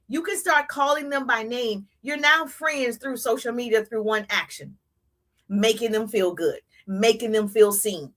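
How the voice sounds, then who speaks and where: High, bright-voiced woman coaching live. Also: moderate pace. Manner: energetic, repetitive, playful hype; chats with live viewers. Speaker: social media business coach. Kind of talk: live-stream coaching talk.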